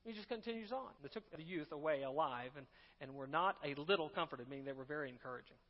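A pastor preaching a sermon in a conversational way, with asides, restarts and humor. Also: male voice, a little high, lively intonation, fast, long reverb tail, lo-fi sound.

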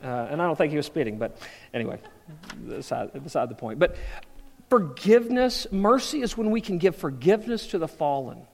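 A pastor preaching a sermon in a church hall, telling stories, repeating words and asking the crowd questions. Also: male voice, on the high side, big pitch swings, a little fast, vocal fry, a little mellow. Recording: long hall reverb.

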